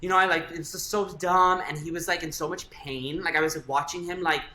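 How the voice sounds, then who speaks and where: Bright-voiced man telling a story. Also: a little high, fairly even intonation, a little fast. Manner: chatty, many fillers like "like". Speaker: guest. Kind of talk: casual storytelling. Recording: echoey room, faint ambient noise.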